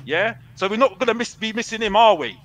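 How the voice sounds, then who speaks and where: A man's voice: high voice, lively intonation, quick pace, a bit bright, poor audio. A man, a football fan arguing heatedly on a fan show, brash and boastful, repeating himself. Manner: brash, boastful, repeats himself, calls himself Mister Box Office.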